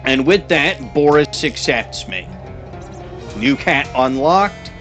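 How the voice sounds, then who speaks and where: A man reads a game's narration aloud as he plays, dropping wry, chuckling asides. His voice sits in a middle range. Soft game music plays in the background. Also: mid-range voice, animated, takes it slowly. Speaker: game player. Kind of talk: reading a game's narration aloud while playing.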